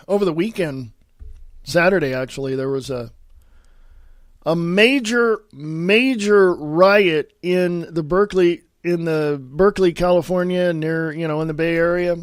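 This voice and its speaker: A man hosting a solo political podcast, reading news headlines aloud with sarcastic asides and repeating himself, often coughing and clearing his throat. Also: on the high side, unhurried, dry recording, clean studio sound. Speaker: podcast host.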